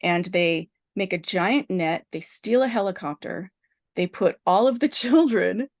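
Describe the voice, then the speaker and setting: A woman podcast host in casual chat, retelling a film plot as an animated storyteller full of restarts. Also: mid-range voice, a little slow.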